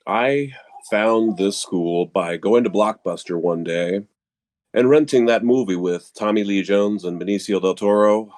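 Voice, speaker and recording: A man's voice: fairly low pitch, measured pace, darkish tone. An older man with grandchildren, sharing a reflective personal story in an earnest, casual way. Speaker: martial arts student sharing.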